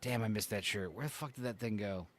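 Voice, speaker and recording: A man's voice: lowish voice, quick pace, fairly bright tone, dry recording. A man hosting a casual podcast chat, swearing freely and reacting offhand to what he's looking at. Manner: profane, offhand, reacting to logos. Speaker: podcast host.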